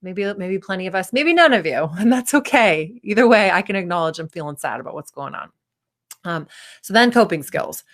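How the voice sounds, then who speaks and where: A woman's voice: on the low side, lively intonation, a little fast. A woman in her thirties, a performance coach, giving a candid, casual talk and acting out the voices of people she quotes.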